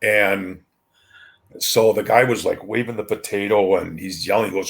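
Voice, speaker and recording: Deep-voiced older man spinning wrestling stories. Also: fairly even intonation, takes it slowly, vocal fry, long pauses. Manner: rambling with frequent ums and restarts. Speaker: retired wrestler, podcast guest. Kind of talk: casual anecdotal storytelling.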